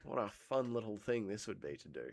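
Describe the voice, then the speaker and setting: Reading his live chat while sick with a cold, an Australian streamer swears a lot and rambles through casual, crude banter. His voice sits on the low side with vocal fry, very animated and brisk.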